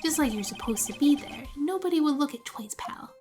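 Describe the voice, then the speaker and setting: A woman reading lines for a friendly police detective man in a game, in a high voice over music. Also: animated, brisk.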